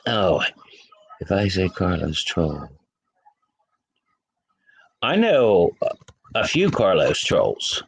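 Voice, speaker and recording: Low-voiced, slow-talking livestream man. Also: very animated, creaky, slightly rough, rough recording. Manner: chatty, laughs often, talks to chat by name. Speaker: livestream host. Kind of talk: casual livestream chat.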